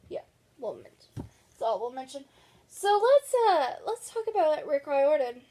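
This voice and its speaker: Young woman, high bright voice, book vlogger, gushing casual chat. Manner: chatty, laughing, gushing.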